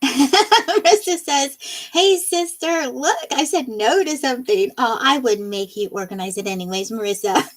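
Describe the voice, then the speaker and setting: A woman's voice: high-pitched, rough recording. A woman hosting a casual livestream, reading viewer comments aloud and laughing often between them. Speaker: livestream host. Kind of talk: casual live-stream chat reading comments.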